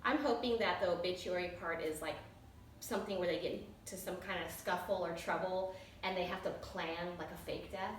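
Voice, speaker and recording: An animated woman recapping a TV episode with a friend, laughing often and acting out the characters' lines. Her voice carries a heavy room echo and sounds set back from the microphone. A faint hiss runs underneath. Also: fairly low pitch, a little fast. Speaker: podcast co-host. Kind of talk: casual chat recapping a TV episode. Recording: echoey room, far from the mic, faint hiss.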